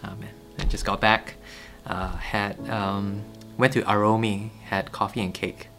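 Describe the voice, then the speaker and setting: Low-voiced man reading the Bible casually. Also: faint music behind. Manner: relaxed and chatty, with frequent fillers and quick laughs. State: a bit sleepy. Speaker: host of a daily Bible reading show.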